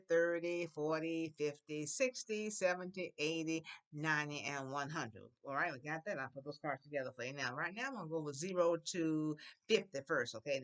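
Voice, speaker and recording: A woman teaching a children's Spanish class, slowly modeling phrases for the class to repeat and coaxing them along. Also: sits low. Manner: coaxing and encouraging.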